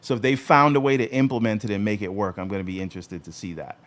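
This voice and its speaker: A man's voice: on the low side, steady tone, quick pace, a bit bright. A man co-hosting a gaming podcast, chatting casually and rambling with many fillers and restarts. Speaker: podcast co-host.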